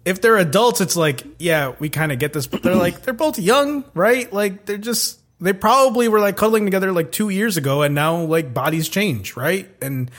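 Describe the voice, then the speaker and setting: A man's voice: high voice, lively intonation, normal speed, hardly any pauses, a bit bright. A man co-hosting a casual group chat about anime, rambling with lots of fillers and laughing often. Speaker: podcast co-host.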